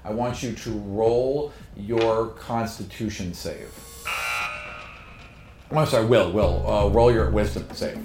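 A man running a tabletop game as game master, narrating and calling for rolls with quick, relaxed asides. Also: lowish voice. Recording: roomy with music behind.

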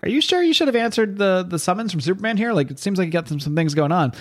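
A man playing a heroic warrior woman, worried and fussing. The voice is pushed higher than his own and leans into the concern. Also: animated, fast talker.

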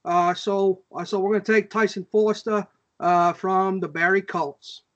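A man making a draft pick in a put-on Boston accent, halting and full of fillers. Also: high-pitched, steady tone, a bit bright, lo-fi sound. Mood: playful. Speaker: draft analyst guest. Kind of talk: joking podcast draft pick.

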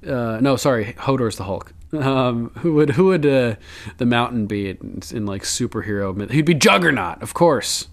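Casual male podcast host, mid-pitched, chatty and profane, quick to laugh. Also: lively intonation, creaky. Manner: loose and chatty, swears, laughs often, quotes lines in passing. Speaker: podcast host recapping a TV episode. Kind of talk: casual chat.

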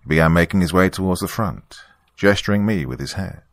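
A man narrating a scripted first-person horror story in a measured, descriptive way. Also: low-pitched, dry recording, studio quality.

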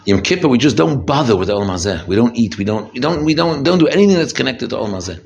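There's a little hiss or hum as a rabbi speaks at a quick pace with vocal fry, giving a holiday talk. He preaches emphatically and with energy, moving between low, quiet passages and high, intense ones, and often repeats or restarts what he says.

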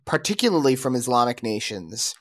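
A man's voice: medium pitch, sing-song, brisk, dry recording. Rambling man in a dry podcast chat. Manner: rambling, restarts and hesitant fillers. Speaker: podcast co-host. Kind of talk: casual opinionated chat.

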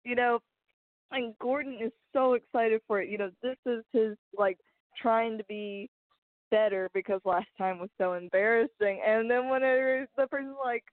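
Animated woman co-host on a dry tinny line. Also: a little high, moderate pace, no room sound. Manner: animated, swearing, peppered with "like" and "you know". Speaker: podcast co-host. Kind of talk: casual chat recapping a TV series.

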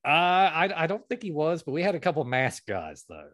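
A man hosting a podcast, telling a long, profane story with lively energy. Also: a little high, moderate pace, no echo, studio quality. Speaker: podcast host. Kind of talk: casual storytelling chat.

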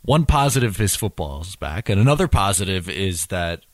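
A man hosting a casual sports podcast, talking in a steady, measured, explaining way. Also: sits low, no echo. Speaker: podcast host.

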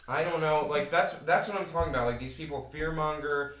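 A man's voice: a little high, fairly quick, a bit bright, roomy sound. A man co-hosting a podcast in casual chat, blunt and swearing, often repeating himself. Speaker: podcast co-host.

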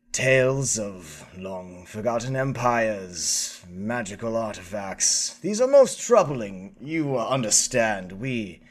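A man doing a stuffy spin-doctor Chancellor in a tabletop game, his low voice leaping up high on key words and then dropping back. He sounds genteel and evasive and takes his time, as if he is managing the listeners. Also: fairly bright tone, heavily acted. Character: pompous male Chancellor, smooth political spin-doctor.

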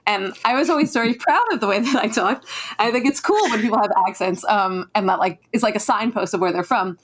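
A woman's voice: medium pitch, fast talker. A woman author from northern New Jersey with a New Jersey accent, chatting casually in an interview with lots of fillers. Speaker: author guest.

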